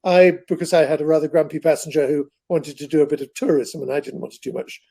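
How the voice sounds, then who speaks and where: An older man, a guest author in an interview, tells long, rambling, digressive anecdotes. He talks fast in a warm, fairly high voice with fairly even intonation.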